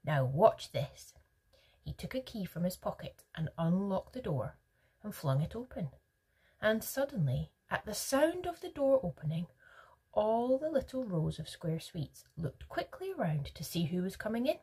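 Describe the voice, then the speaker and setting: A woman, a teacher, reading a children's storybook aloud with gentle narration and soft whispered stretches. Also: medium pitch, very animated, moderate pace, breathy edge.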